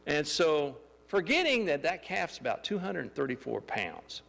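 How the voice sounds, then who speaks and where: A man telling a lively testimony story in a church, excitable and laughing as he acts out the scenes. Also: fairly high pitch, measured pace, vocal fry, few pauses, big-room sound. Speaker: church member giving a testimony. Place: church sanctuary.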